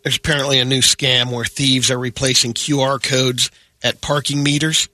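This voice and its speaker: A man reading news items on a morning radio show, steady with dry asides. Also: mid-range voice, normal speed, dry recording. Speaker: radio news segment host.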